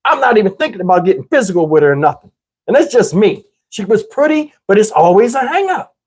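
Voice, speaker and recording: A man telling a comedic story, jumping up high in pitch whenever he quotes himself. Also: quick pace. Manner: animated, jumps up high for quoted lines.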